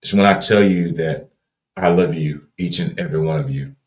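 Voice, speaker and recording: A man's voice: moderate pace, reverberant. A man from Louisiana with a Southern accent hosting a livestream, giving an earnest, preachy motivational talk with folksy, repeated phrases. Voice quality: deep, folksy, repetitive cadence. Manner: emphatic and earnest, builds to raised emphasis. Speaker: livestream host.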